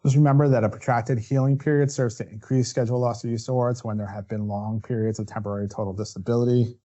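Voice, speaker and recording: Man presenting a legal webinar, mellow tone. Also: mid-range voice, fairly even intonation, quick pace, lo-fi sound. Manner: explanatory, walks through steps with "right?" asides. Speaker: workers' compensation defense attorney.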